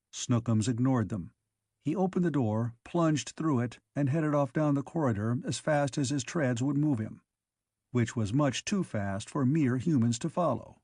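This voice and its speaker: A man narrating a science fiction audiobook in a measured, even storytelling manner. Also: mid-range voice, breathy edge, no room sound, studio quality.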